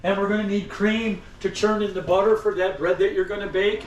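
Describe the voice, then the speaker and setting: Showy high-voiced salesman guide, echoey room. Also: level tone, fairly quick, dull audio. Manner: showy, teasing, addresses the crowd directly. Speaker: costumed museum tour guide. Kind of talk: theatrical old-time salesman pitch. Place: indoor store museum among visitors. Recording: echoey room, faint background noise.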